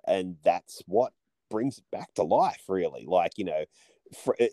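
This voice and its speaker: A man co-hosting a casual podcast chat, rambling and swearing through animated stories. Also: low voice, no room sound. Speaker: podcast co-host.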